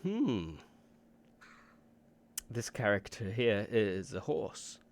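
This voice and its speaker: A man puts on a squinting middle-aged woman scholar in a tabletop game. She ponders aloud in slow, drawn-out phrases broken by thoughtful hums. The voice is lifted above his own low register. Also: very animated, exaggerated voice. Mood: musing.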